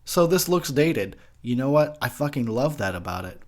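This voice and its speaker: Tipsy, ranting man with a lively pitch. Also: normal speed. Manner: profane, ranting, laughs a lot. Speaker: host. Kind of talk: drunk movie commentary.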